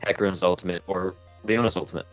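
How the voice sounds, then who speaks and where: Low-voiced male esports caster, muffled. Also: steady tone, fast, faint music behind. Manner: stumbles and restarts over words. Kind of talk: live esports commentary.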